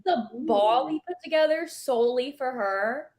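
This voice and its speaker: A woman's voice: high voice, animated, moderate pace, a little mellow. A woman who teaches, co-hosting a casual book chat and eagerly retelling scenes with lots of fillers. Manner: enthusiastic, filler-heavy retelling. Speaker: book club co-host, teacher.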